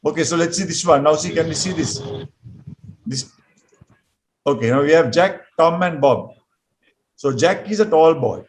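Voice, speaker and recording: A man's voice: a little high, moderate pace, long pauses, a little hiss or hum, low-quality recording. Patient male English teacher drilling words. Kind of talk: classroom grammar lesson.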